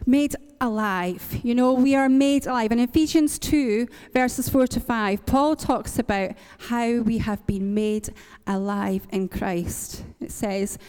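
A woman's voice: fairly high pitch, takes it slowly, hardly any pauses, a little mellow, smooth, long reverb tail. A woman from Northern Ireland preaching a sermon, earnest and encouraging, repeating lines for emphasis. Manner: earnest, encouraging, with light laughs and repetition for emphasis.

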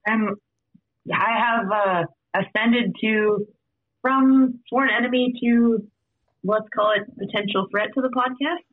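High-voiced man on a tinny line. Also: slow, no echo. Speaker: podcast guest. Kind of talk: casual podcast chat. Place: at home in Canada. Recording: tinny phone-like remote call.

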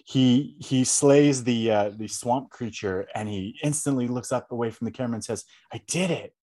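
A young man co-hosting a casual film review chat, relaxed and rambling, with many fillers. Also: medium pitch, normal speed, slight background noise.

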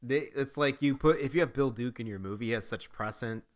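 A man co-hosting a casual movie review podcast, rambling and animated, often acting out his own reactions. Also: medium pitch, a little fast. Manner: rambling, animated, acts out quotes. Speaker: podcast co-host.

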